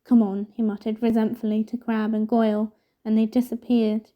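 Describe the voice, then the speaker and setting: A woman reading a novel aloud in steady, measured narration. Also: on the high side, lo-fi sound. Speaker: storybook reader.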